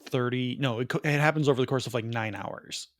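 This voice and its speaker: A man co-hosting a podcast, rambling through a movie plot with quick asides and laughs. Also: medium pitch, a bit bright, no echo, clean studio sound. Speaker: podcast co-host. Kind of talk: casual movie review chat.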